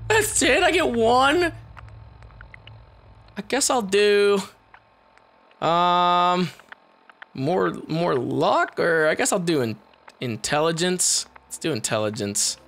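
A man giving excitable let's play commentary, swearing and shouting as he plays. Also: high voice, slow, pauses often. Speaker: gameplay commentator. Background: game music.

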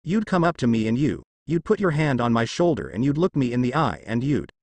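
A man reads as a weary father full of regret, speaking in halting, apologetic phrases. The pitch moves in a lively way, and the sound is dry. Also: dry recording. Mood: regretful.

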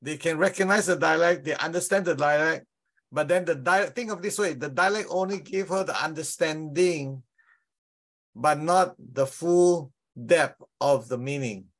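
A man's voice: fairly high pitch, moderate pace. Earnest man with roots. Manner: earnest, explains with examples. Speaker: study group participant. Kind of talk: casual group discussion.

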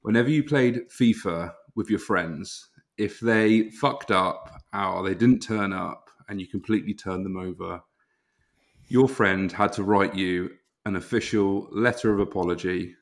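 A podcast host, an Englishman with an English accent and a fairly low voice. He reads out a comic apology with deadpan, mock-solemn formality, keeping his delivery steady and formal. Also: measured pace. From England.

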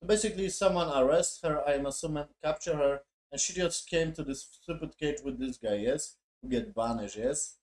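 A man's voice: a little high, normal speed, hardly any pauses, a little mellow. A man reviewing a show in a profane, mocking, exasperated casual rant. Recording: echoey room.

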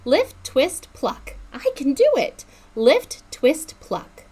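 An eager little boy rabbit from a storybook who exclaims everything, as a woman reads him out. His voice is high and springs up and down, and he speaks slowly. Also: very animated, a little mellow, exaggerated voice. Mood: excited.

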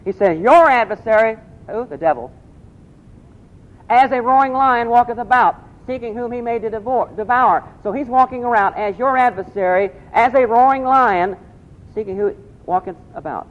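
A man's voice: extremely high pitch, moderate pace. A man preaching a sermon, asking the congregation questions and repeating key phrases. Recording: dull lo-fi recording.

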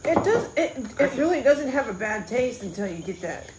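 A woman's voice: fairly high pitch, sing-song, moderate pace, noisy background. A woman making dry, teasing remarks during a casual beer-tasting chat.

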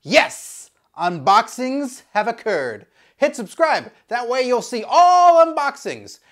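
A man's voice: very high-pitched, big pitch swings, takes it slowly, fairly bright tone. A man hosting a comedic unboxing video, talking in a goofy, jokey, rambling way. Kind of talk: casual comedic unboxing chat.

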